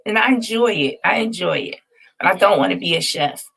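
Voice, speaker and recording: Chatty lady spilling family tea, low gravelly voice. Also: a little fast. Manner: chatty and animated, laughing often, dishing playful shade. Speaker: vlog host. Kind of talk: casual storytelling to viewers.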